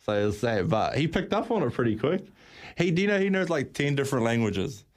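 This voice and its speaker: This is a relaxed New man, a darts player, chatting on a radio show. He is easygoing and jokes around. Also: mid-range voice, brisk. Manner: laid-back, joking. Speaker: darts player, studio guest. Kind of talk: casual radio chat.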